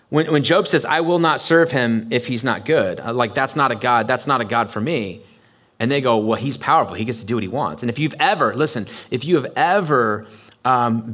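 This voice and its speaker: Speaking in a mid-range voice, a male pastor in a church delivers an animated sermon with a conversational feel. When he quotes someone, he acts out their voice.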